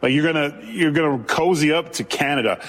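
A man's voice: a little high, a little fast, fairly bright tone. A man giving blunt, dismissive political commentary. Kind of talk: opinion commentary.

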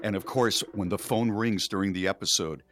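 A man co-hosting a radio talk show, retelling a story in a rambling, animated way with restarts. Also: fairly low pitch, brisk. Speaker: radio co-host. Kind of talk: casual storytelling.

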